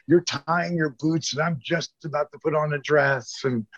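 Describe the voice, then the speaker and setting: A middle-aged man, a former pro wrestler, telling stories as an interview guest in a lively, casual way and swearing freely. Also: fairly high pitch, moderate pace, dry recording. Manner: animated storyteller who acts out quotes, swears freely. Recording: dull lo-fi dry sound.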